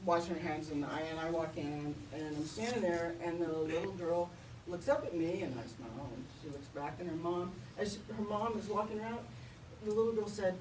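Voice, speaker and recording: A woman's voice: fairly low pitch, a little fast, a crowd in the background. An older woman doing stand-up comedy, telling self-deprecating stories and laughing at her own punchlines. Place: comedy venue with live audience. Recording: roomy, distant mic, noisy audience.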